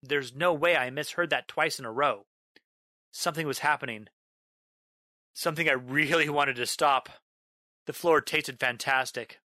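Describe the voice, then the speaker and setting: Bright, dry male storyteller narrating horror. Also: fairly high pitch, dry recording. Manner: dramatic, slows down on a repeated line, bursts into yelling.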